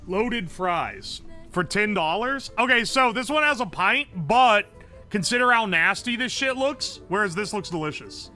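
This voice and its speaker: Male streamer, very bright tone, excitable, profane, game commentary. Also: sits high. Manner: excitable, profane, thinking aloud.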